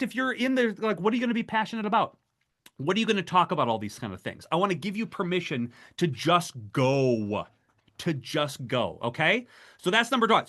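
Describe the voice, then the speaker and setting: A middle-aged man leads a fundraising webinar with an emphatic, exhorting delivery. His voice sits a bit higher than most men's, and it rises when he presses a point. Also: fairly bright tone. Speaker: webinar presenter. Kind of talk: motivational webinar talk.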